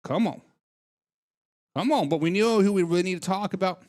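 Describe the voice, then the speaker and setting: A man's voice: high voice, brisk, pauses often, a little mellow. A man hosting a live sports talk stream, reading chat comments aloud in a playful, teasing way.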